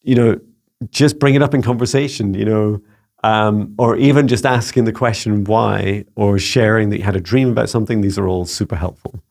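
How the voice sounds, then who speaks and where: Gravelly low-voiced Scottish man musing. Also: fairly quick, darkish tone. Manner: musing, searching, full of "you know" and "um". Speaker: psychic mentor, channel host. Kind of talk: casual spiritual guidance talk.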